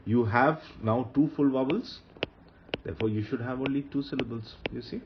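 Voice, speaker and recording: A man's voice: medium pitch, normal speed, noisy background. A man teaching Hebrew grammar in a recorded lecture, patiently repeating key rules and asking his listeners rhetorical questions. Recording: dull lo-fi recording.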